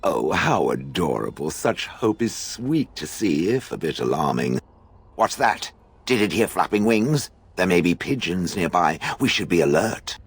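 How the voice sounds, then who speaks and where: A deep, husky, sardonic stone golem. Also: male voice, sing-song, a little slow, exaggerated voice. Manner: dry, mocking, condescending. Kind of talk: video game dialogue.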